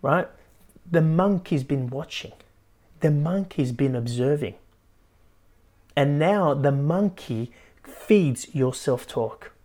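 A man's voice: a little high, slow, long pauses. A man hosting a motivational podcast as a life coach, talking animatedly and tagging his points with "right?". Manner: keeps adding "right?", animated.

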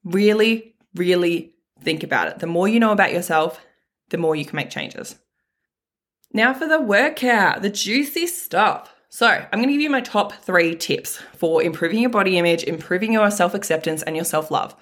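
At a moderate pace, a woman with a fairly low, fairly bright voice hosts a motivational self-help podcast. Her style is plain-spoken and casual, with mild swearing and key phrases repeated for emphasis.

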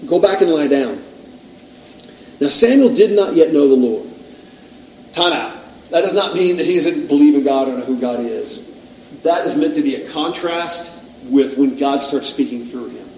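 A man's voice: a little high, darkish tone, slight background noise. A middle-aged male pastor preaching a sermon in a conversational, self-deprecating way, asking the audience questions. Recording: echoey room, distant mic.

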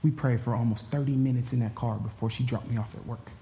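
A man's voice: mid-range voice, fast, a little hiss or hum. Emotional man testifying in an echoey hall. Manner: emotional, animated storyteller. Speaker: churchgoer giving a personal testimony. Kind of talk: storytelling testimony to a congregation. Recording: echoey hall with faint ambience.

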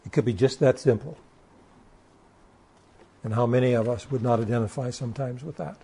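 Preacher man with a dark, husky voice. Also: mid-range voice, brisk, long pauses. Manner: occasional stammered restarts. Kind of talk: sermon reading and expounding scripture.

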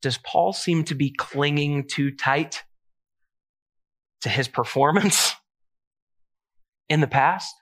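A man's voice: fairly high pitch, takes it slowly, pauses often, fairly bright tone. A man preaching a sermon in a casual, conversational way, mixing scripture with self-deprecating family stories. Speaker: pastor.

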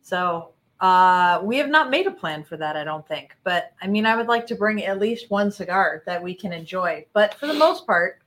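A woman talking as a guest on her husband's show in a relaxed, easygoing and slightly hesitant way. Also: lowish voice, normal speed, hardly any pauses, rough recording. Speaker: guest, host's wife. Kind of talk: casual chat.

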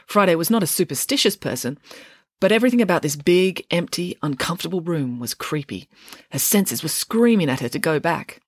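Woman author reading aloud, lively storyteller, low voice, dry close recording. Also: fairly quick, no room sound. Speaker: author reading her book. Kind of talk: audiobook narration.

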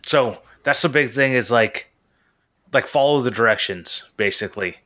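A man's voice: mid-range voice, normal speed, bright, forceful tone. A man co-hosting a casual podcast, speaking hesitantly with many fillers. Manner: hesitant, lots of "like" and "um". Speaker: podcast co-host.

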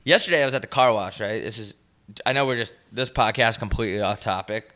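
A man's voice: lowish voice, quick pace. A young man co-hosting a podcast, telling a story in a casual, profane way and acting out the people he met. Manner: animated storytelling, swearing, acts out voices of people he met. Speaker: podcast co-host. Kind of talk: casual chat.

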